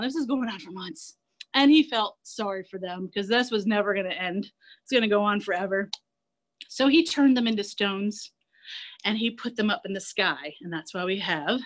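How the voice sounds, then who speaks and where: A woman zoo educator leading an online class for children, playful and energetic, telling a myth and getting the kids to run and chant along. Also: fairly high pitch.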